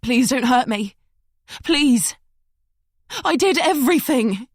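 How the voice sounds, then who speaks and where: A woman voicing a frightened young female captive with a London accent, pleading in a high, tearful voice. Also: animated, takes it slowly, no room sound, clean studio sound, full character voice.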